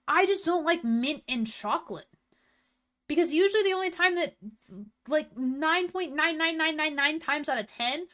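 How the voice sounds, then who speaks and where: A young woman streamer chats casually with her viewers and reads out their messages, speaking bluntly and swearing constantly. Her voice is high-pitched, pushed and bright.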